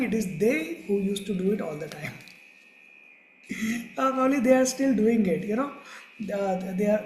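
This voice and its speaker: A man's voice: sits high, darkish tone. A man, a child psychologist giving a live lecture to parents, who chuckles often and acts out what children and parents say. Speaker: child psychologist teaching a course. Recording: echoey room with faint background noise.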